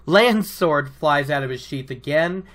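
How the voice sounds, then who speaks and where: Bright-voiced woman chatting about a book. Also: sits low, lively intonation, a little slow. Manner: chatty, laughing, acts out characters' lines. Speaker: book discussion podcaster. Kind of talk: casual book recap chat.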